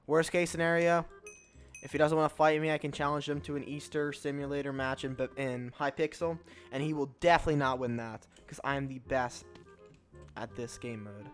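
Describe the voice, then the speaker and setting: A young man casually telling a personal story over gameplay, chatty and sarcastic, often restarting words and acting out what people said. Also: fairly high pitch. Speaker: storytelling gaming channel host.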